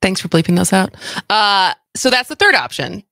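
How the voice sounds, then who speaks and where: Bright-voiced woman radio talk host. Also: medium pitch, moderate pace, creaky, dry recording, clean studio sound. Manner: energetic, speaks to listeners directly. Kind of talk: radio talk show chat.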